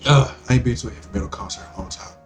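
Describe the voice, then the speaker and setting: A man hosting a podcast, ranting in a profane, rambling monologue full of stammering restarts. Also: on the low side. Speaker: podcast host.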